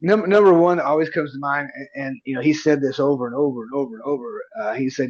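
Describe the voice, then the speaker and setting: A man's voice: medium pitch, quick pace, hardly any pauses, highs cut off. A man in his forties, a guest on a podcast, telling stories casually and acting out the dialogue he recalls. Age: 40s. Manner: animated storyteller who acts out quoted dialogue. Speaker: guest, independent pro wrestler. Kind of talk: casual storytelling in a podcast interview.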